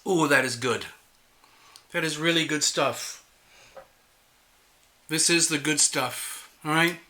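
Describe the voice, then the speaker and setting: A man's voice: fairly high pitch, takes it slowly, sharp tone. A man hosting a tarot channel, chatting casually and playfully to viewers while admitting he feels nervous. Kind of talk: casual solo livestream talk.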